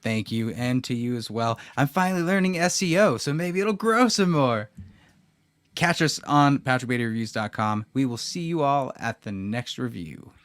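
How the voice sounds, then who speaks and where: A man's voice: mid-range voice, animated, moderate pace, a bit bright, no echo. Young male podcast co-host, playful and profane, dry close-miked sound. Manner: joking, swears freely. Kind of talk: casual podcast chat.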